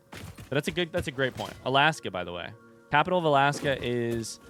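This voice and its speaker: Young male streamer from the US, mid pitch, rambling and self-deprecating, talks to chat while gaming. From United States. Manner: rambling, distracted, self-deprecating, thinks out loud.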